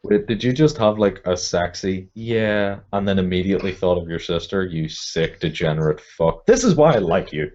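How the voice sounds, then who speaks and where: A man's voice: sits low, lively intonation, normal speed, hardly any pauses, darkish tone, highs cut off. A man bantering crudely and teasingly on a group voice call. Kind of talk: casual group chat over voice call.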